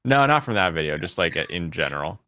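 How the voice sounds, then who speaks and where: A man's voice: low-pitched, big pitch swings, a little fast, sharp tone. A man hosting a casual livestream chat, rambling and laughing as he thinks aloud. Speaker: host.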